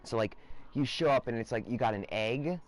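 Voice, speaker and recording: A man streams in a wandering, erratic monologue, hopping between half-finished thoughts. His voice sits at an ordinary middle pitch. He swings into loud, profane rants without warning. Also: fairly quick. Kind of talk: rambling casual monologue.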